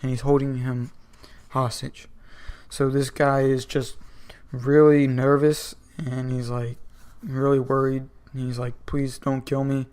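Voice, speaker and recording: Man, mid pitch, casual comics reviewer, rambles with lots of "um" and "like". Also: flat delivery, slow pace, darkish tone, clear, resonant tone. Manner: rambling, filler-heavy. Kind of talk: casual video commentary.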